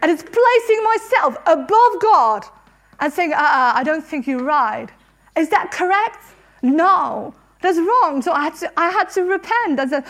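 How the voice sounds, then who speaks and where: Very high-voiced woman preaching earnestly. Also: expressive, unhurried, a bit bright. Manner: earnest and emotional, laughing between phrases. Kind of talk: sermon.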